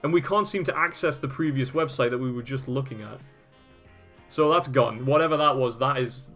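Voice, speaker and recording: Male host, casual amused commentary, mid-pitched voice, soft music underneath. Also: moderate pace. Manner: amused, laughs often, swears casually. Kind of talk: casual commentary while browsing and reading web pages aloud.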